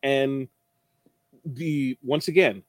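A man's voice: medium pitch, very slow, no room sound. A man co-hosting a casual podcast chat, stressing his points and repeating them. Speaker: podcast co-host.

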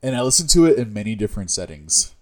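A man's voice: on the low side, very animated, fast talker. A man co-hosting a casual podcast, joking and teasing in a playful way. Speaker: podcast co-host.

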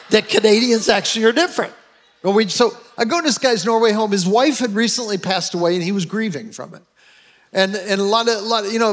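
An American pastor with a high voice for a man tells stories from the pulpit. He talks in a heartfelt, emotional way and often restarts his sentences. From United States. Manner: storytelling, emotional, with many restarts. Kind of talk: sermon with personal stories.

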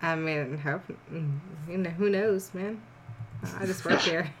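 A woman's voice: fairly low pitch, measured pace, a crowd in the background. A woman hosting a comedy podcast, dramatically reading fan fiction with wry, joking asides.

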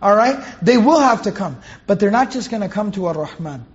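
High-voiced man teaching on a dull recording. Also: animated, brisk. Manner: explains Arabic terms patiently and corrects himself mid-sentence. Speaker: Quran teacher. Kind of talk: Quran commentary lesson.

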